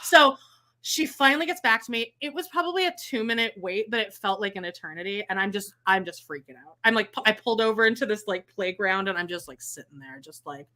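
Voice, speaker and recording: A young woman tells a story in casual chat, fast and in a mid-range voice. She's animated, swears a lot, and acts out what people said, shrieking the quotes.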